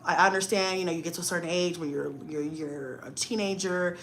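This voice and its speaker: A woman in her forties on a livestream, telling stories in a lively way, swearing freely and talking straight to her viewers. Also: on the low side, brisk, slight background noise. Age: 40s. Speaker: livestream host. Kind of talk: casual livestream chat.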